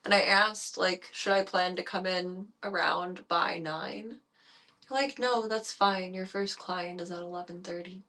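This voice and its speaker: A woman's voice: lowish voice, fairly even intonation, unhurried, sharp tone. A woman streaming casually from her workplace, chatting and cooing in baby talk to the animals she looks after. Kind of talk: casual live-stream chat.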